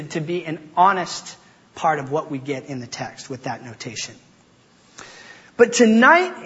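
A man gives a sermon in a casual, talky way and often restarts his sentences. His voice sits a bit high for a man. The sound is muffled and rings with a long hall reverb. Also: fairly bright tone. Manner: conversational, with stammered restarts and informal asides. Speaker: preacher.

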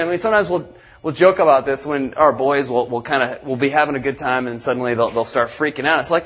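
A middle-aged man preaching a sermon, reading scripture and then retelling it in an animated way, with many restarts and "I mean". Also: mid-range voice, fast talker, lo-fi sound. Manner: animated, with frequent restarts and filler phrases. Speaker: pastor.

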